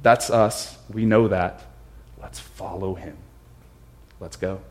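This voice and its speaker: A male pastor preaches a reflective sermon with a low voice. He repeats his phrases for emphasis and often drops to a quieter tone. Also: steady tone, slow.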